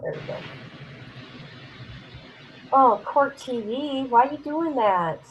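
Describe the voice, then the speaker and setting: A woman's voice: high-pitched, takes it slowly, lo-fi sound, slight background noise. Blunt woman streaming commentary. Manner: blunt, talks straight to viewers. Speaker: streamer reacting to court footage.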